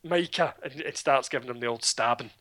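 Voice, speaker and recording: A man's voice: mid-range voice, fairly quick. A Scottish man retelling a film plot in casual chat, sardonic and swearing freely. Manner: sardonic, swearing, animated storytelling.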